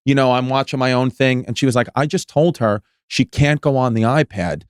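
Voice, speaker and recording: A man's voice: mid-range voice, brisk, clean tone, no echo. A man chatting casually as a podcast guest, looping back and restarting his sentences. His voice sits mid-range. The sound is dry and close. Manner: rambling storyteller with many restarts and "like"s.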